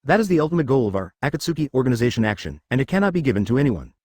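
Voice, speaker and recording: Male reader as a scheming ninja boss, blunt and persuasive, brisk with an animated line. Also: medium pitch, no echo, clean studio sound.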